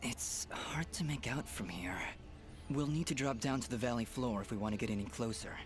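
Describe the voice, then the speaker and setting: A man voicing a brooding young swordsman hero in a video game, speaking quietly and half-whispered. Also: mid-range voice, moderate pace, faint music behind, natural voice. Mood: reflective.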